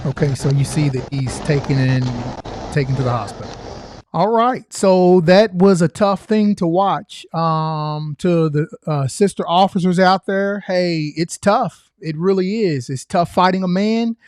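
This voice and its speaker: A man's voice: high voice, a little slow, darkish tone, no echo, clean studio sound. A man who is a former state trooper giving earnest, emphatic reaction commentary, repeating his key points.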